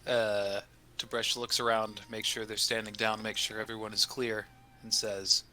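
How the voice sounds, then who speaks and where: Very bright-voiced man playing a tabletop game. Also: on the low side, little pitch movement, moderate pace, faint music behind. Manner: laughs often, narrates his character's actions. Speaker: player. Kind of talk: casual tabletop game chat.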